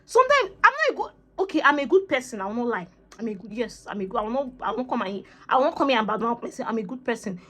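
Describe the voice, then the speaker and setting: A woman with a Nigerian accent vlogging, telling a personal story in a lively, chatty way and slipping into Pidgin phrases. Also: a little high, very fast. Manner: animated, acts out conversations, mixes in Pidgin phrases. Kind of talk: casual storytelling to camera.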